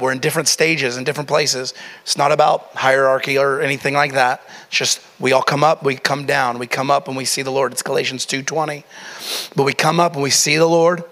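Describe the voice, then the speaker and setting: A man's voice: a little high, fairly bright tone. A man with a slightly raised voice preaches a sermon in an echoey church hall. He speaks earnestly, repeats his phrases and checks in with the room with "right?". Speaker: pastor.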